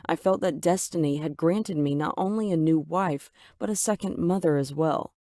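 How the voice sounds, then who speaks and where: A narrator voicing an earnest, gentle young husband in a storybook-style tale, in a plain, dry voice. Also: mid-range voice, normal speed, no room sound, close to an everyday voice.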